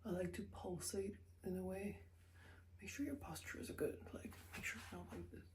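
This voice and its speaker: A young woman talking candidly to the camera in a rambling vlog, often dropping into soft whispers. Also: mid-range voice, steady tone, normal speed, slight background noise, poor audio. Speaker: vlogger. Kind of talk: casual confessional vlog.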